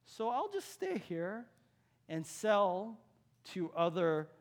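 A pastor voicing a smug ancient merchant. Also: male voice, high-pitched, sing-song, takes it slowly, exaggerated voice. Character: self-serving ancient male merchant.

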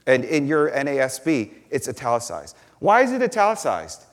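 A male pastor teaching a sermon in an earnest, explanatory manner, leaning into his key points. His voice sits at an ordinary middle pitch. The hall gives it a long, lingering reverb. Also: huge pitch swings, normal speed.

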